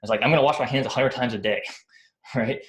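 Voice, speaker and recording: A man's voice: medium pitch, fast, a bit bright. A man giving a casual talk about emotions, rambling and checking in with "right?" after almost every point. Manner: rambling, many fillers like "right?" and "like". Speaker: speaker explaining psychology. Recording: echoey room.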